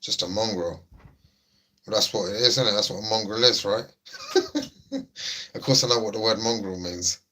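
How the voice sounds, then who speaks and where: A man's voice: lowish voice, normal speed, long pauses, bright, forceful tone. A young man hosting a livestream, chatting casually and joking as he reads out viewer messages. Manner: laid-back, jokey, reads chat aloud. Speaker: livestream host.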